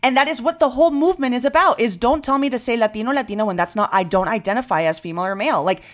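A young woman from Venezuela co-hosting a podcast, talking with passion and speed and slipping in Spanish words. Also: a little high. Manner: impassioned, rapid and animated, mixing in Spanish words. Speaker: podcast co-host. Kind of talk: casual chat.

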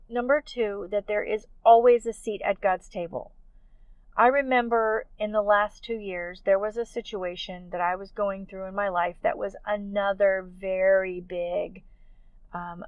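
A woman hosting a faith-based podcast for educators, speaking in a gentle, earnest, pastoral way. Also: medium pitch, dry recording, dull audio. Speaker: podcast host.

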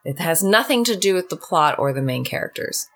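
Deep-voiced woman with wry pushback. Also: animated, brisk, a bit bright. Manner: wry, pushes back on points. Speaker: podcast co-host. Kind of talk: casual chat.

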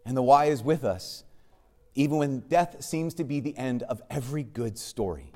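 A man, a Catholic priest, preaching a sermon with wry asides, swinging from urgent questioning to hushed emphasis. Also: medium pitch, lively intonation, moderate pace.

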